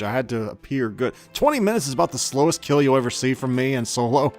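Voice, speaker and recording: A man's voice: medium pitch, lively intonation, a little fast, soft background music. A man giving casual gameplay commentary as a channel host, chatty and self-mocking with grumbling asides.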